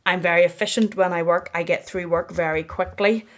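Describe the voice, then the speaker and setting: A woman's voice: fairly low pitch, fairly even intonation, a little fast. A woman in her thirties chatting through a get-ready-with-me Q&A at home, sounding tired, talking in an emphatic way and repeating points for stress. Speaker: fashion and bag YouTuber.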